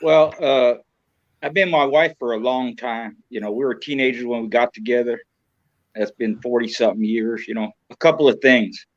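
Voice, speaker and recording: A man's voice: mid-range voice, steady tone, normal speed, no echo. A man of about sixty from Southern California talks as a podcast guest. He rambles in a frank, profane way, filling gaps with "you know." His voice sits in the middle of the male range, and the sound is dull, lo-fi and dry. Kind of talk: casual chat.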